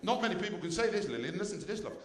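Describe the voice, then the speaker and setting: Male stand-up with a fairly high, bouncy voice, teasing the front row in a reverberant theatre. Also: big pitch swings, rapid-fire. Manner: cheeky banter with the audience. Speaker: stand-up comedian. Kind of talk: stand-up comedy. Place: theatre stage. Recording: echoey theatre stage.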